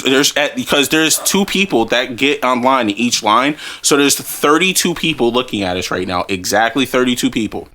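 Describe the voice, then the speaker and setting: Lively bright-voiced young man telling a story. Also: mid-range voice. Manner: animated, profane, laughing storyteller. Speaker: podcast host. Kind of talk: casual storytelling chat.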